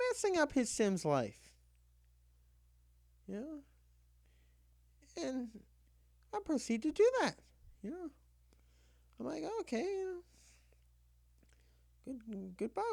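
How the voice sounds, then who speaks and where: A woman telling a comic personal story in casual chat, animated and filling every pause with "you know", acting out her own lines. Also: sits high, gravelly, dry recording, clean studio sound.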